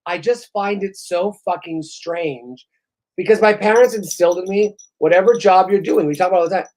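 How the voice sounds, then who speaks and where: A woman hosting a comedy podcast, telling stories in an animated, profane way and working herself up as she talks. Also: fairly low pitch, normal speed. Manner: profane, animated storyteller who gets worked up. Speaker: podcast host. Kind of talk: comedic casual chat.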